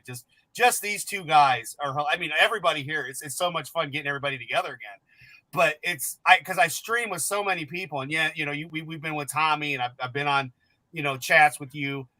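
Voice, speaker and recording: A man's voice: fairly high pitch, a little fast, sharp tone, no echo, rough recording. A man hosting a live stream, rambling enthusiastically about his guests. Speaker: stream host. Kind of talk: casual stream chat.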